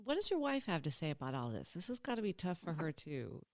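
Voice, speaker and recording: Low-pitched, lively woman podcast host. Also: fast talker. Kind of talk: scripted narration.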